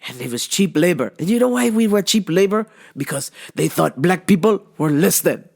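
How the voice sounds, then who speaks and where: A woman from the United States hosts a casual podcast and tells a comic story. She swears freely. Her pitch leaps up and down as she talks, and she sounds animated throughout. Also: moderate pace, gravelly, hardly any pauses. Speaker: podcast host.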